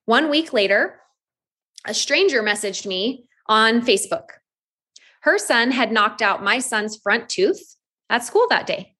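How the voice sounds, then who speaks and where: A woman's voice: on the high side, takes it slowly. Woman telling a candid personal story. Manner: candid, animated, acts out her own past lines. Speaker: network marketing distributor.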